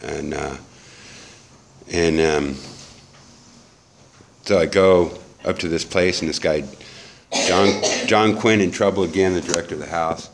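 A man's voice: deep voice, a little slow, creaky, long pauses. A middle-aged man telling his recovery story in a candid, profane, rambling way, full of restarts. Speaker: recovery speaker. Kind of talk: personal testimony storytelling.

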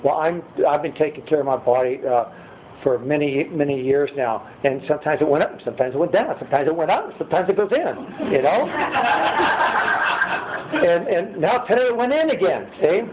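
A man's voice: on the high side, expressive, a little fast. An older man sharing his story at a recovery meeting from a podium, rambling and chuckling at himself. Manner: rambling, chuckling, self-deprecating. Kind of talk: personal testimony to a group. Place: meeting room, speaking at a podium. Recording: tinny lo-fi line with faint hiss.

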